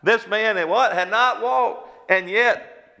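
A man's voice: high voice, slow pace, gravelly, pushed and bright, in a large hall. A middle-aged man preaching a sermon emphatically, asking his listeners rhetorical questions.

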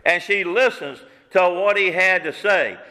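A male preacher delivers a fervent sermon, pressing the same rhetorical questions again and again. His voice sits high and bright, ringing through a church sanctuary with a long, hanging reverb. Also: a little slow.

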